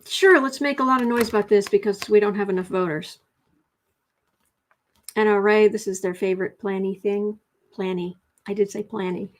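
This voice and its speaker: A woman giving a casual tarot reading, chatty, breaking off now and then to coo and whisper softly to her cat. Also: mid-range voice, steady tone, normal speed. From United States. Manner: chatty, drops to soft coos and whispers talking to her cat. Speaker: tarot reader.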